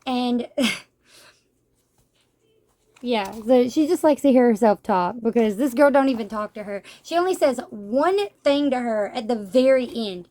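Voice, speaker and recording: A woman chatting casually as she reviews a manga, animated and laughing, acting out the characters' lines. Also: fairly high pitch, takes it slowly. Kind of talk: casual book review chat.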